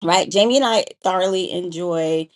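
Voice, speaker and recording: A woman's voice: fairly low pitch, normal speed. A woman co-hosting a casual livestream chat with her partner, teasing him and laughing often. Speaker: co-host.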